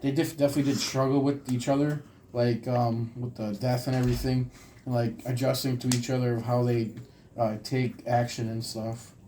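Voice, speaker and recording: A man's voice: mid-range voice, little pitch movement, normal speed, mellow, a little hiss or hum, rough recording. A young man interviewing on a casual podcast, talking hesitantly with many fillers. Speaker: student interviewer.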